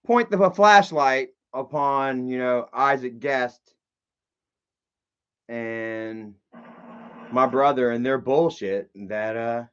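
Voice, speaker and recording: A man's voice: mid-range voice, slow, pauses often, fairly bright tone, clear, resonant tone. A man hosting his own live stream, chatting loosely and profanely with lots of fillers and asides to his viewers. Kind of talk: rambling casual live stream chat. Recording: dull lo-fi stream audio.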